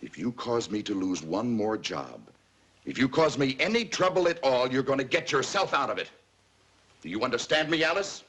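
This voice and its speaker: A man's voice: sits low, very animated, moderate pace, hardly any pauses, slightly rough, full character voice. An actor playing a stern, worn-out father scolding his daughter in a 1950s TV drama. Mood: angry. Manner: stern, scolding, rising to shouts.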